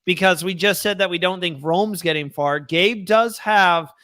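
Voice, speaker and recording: A young man co-hosting a fan podcast in casual, animated chat, reading viewer comments aloud. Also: high-pitched, moderate pace, no echo, studio quality. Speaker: podcast co-host.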